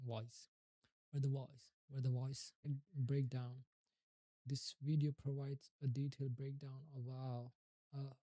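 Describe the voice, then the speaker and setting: A man's voice: medium pitch, warm tone, no room sound, rough recording. A man on a livestream practicing English pronunciation, muttering and repeating single words over and over to himself. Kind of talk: casual live practice, talking to himself.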